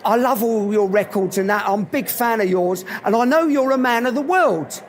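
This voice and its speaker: A man's voice: high-pitched, moderate pace, a little hiss or hum. A man voicing an eager little Cockney man who stammers and pleads for a favour. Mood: pleading.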